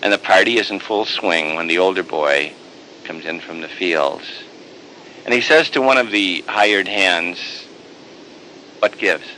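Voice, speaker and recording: A priest telling a story in a sermon, animated and repeating words in bursts. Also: male voice, low voice, measured pace, slight background noise, poor audio.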